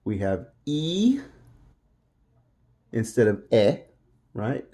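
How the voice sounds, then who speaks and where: Slow, mellow-voiced man teaching Spanish. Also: medium pitch, big pitch swings. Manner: patient, repeats words slowly for drilling. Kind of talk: language lesson.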